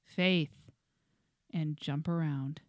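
A woman's voice: low-pitched, fairly even intonation, very slow, no room sound, clean studio sound. A woman co-hosting a podcast, leading the chat into the next segment. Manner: leads segments, laughs easily. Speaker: podcast co-host. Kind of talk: casual chat.

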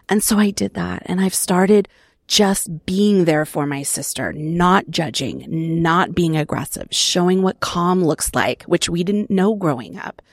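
Middle-aged woman, recovery testimony, earnest and reflective, slightly low voice, dry recording. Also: lively intonation, measured pace, dry recording. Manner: earnest, reflective, laughs softly between phrases. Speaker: recovery program member sharing her story. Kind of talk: personal testimony.

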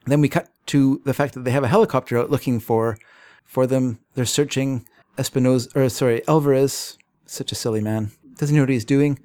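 Regular guy recapping a comic for a podcast, middle pitch, relaxed. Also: brisk. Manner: relaxed storytelling with fillers and small laughs. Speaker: podcast co-host. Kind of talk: casual chat recapping a comic.

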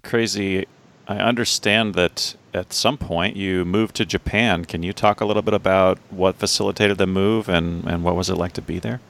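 A man hosting an interview, asking his questions calmly and steadily. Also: low voice, moderate pace, creaky. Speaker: host.

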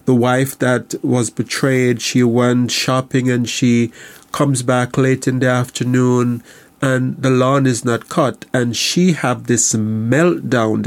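A man working as a counselor, explaining on a radio talk show in a halting way and often repeating words. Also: medium pitch, vocal fry, a little mellow.

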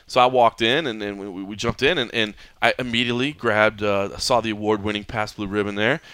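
Male podcast host, bright and forceful tone, animated storyteller in casual chat, close dry sound. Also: fairly low pitch, fairly quick, smooth, no echo. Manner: animated storyteller, acts out others' lines.

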